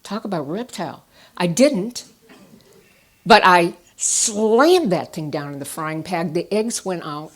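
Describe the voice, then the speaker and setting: A woman therapist giving a conference talk, telling personal stories with animated swings from quiet asides to emphatic bursts. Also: on the low side, takes it slowly, long pauses. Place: stage at a conference.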